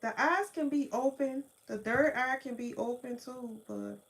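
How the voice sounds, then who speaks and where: A woman with a New Orleans accent telling her own story in casual, slangy talk, laughing often and jumping into excited quotes of herself. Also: sits high, a little slow, creaky. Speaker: spiritual vlogger.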